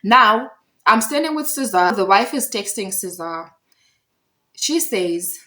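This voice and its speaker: A woman's voice: medium pitch, slow. South African woman telling a story animatedly. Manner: animated, acts out quoted voices. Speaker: vlogger. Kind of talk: storytime monologue.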